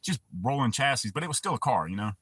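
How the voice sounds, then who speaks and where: A man's voice: mid-range voice, sing-song, fast talker, fairly bright tone, breathy edge, dry recording. A man hosting a livestream, telling profane, rambling stories in casual talk and answering his chat. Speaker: livestream host.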